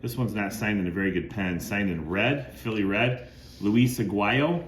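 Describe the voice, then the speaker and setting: Low-voiced middle-aged man, roomy echo. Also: normal speed. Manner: lists items plainly, bursts into loud woohoo cheers. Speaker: card collector and channel host. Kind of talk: casual show-and-tell narration. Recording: echoey room with faint ambient noise.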